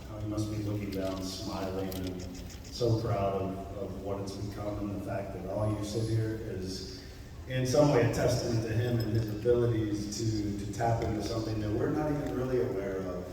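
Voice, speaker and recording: Low-voiced earnest man on a convention panel. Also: fairly even intonation, dark tone, a little hiss or hum. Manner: earnest, halting. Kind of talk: reflective panel talk. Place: large convention hall. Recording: echoey convention hall, far mic, crowd.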